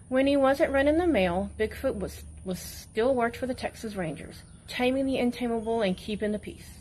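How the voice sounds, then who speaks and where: Woman, school librarian, story read-aloud, steady, higher voice. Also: a little hiss or hum, low-quality recording. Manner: steady reading with occasional stumbles. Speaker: school media specialist.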